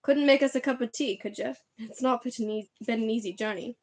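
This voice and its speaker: A woman voicing a huge, gruff but kindly male giant in a storybook reading. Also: a little high, a little fast, darkish tone, no room sound, close to an everyday voice. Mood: gruff hearty.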